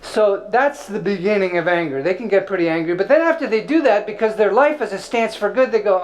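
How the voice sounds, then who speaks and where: High-voiced man giving a casual spiritual talk. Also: animated, fairly quick, poor audio. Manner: conversational and playful, with filler words. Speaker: spiritual teacher. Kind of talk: informal spiritual teaching talk.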